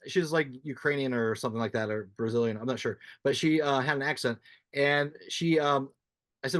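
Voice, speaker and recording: A podcast host chats casually in an interview, rambling and frank, often restarting his thoughts. His mid-range voice moves a little fast, and there is no room sound.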